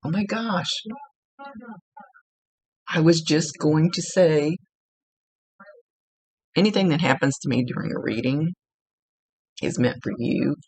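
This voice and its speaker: Psychic medium, woman, gravelly and husky, halting delivery, dry close sound. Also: sits low, a little mellow, dry recording, rough recording. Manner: halting, searching for words. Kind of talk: giving a one-on-one reading.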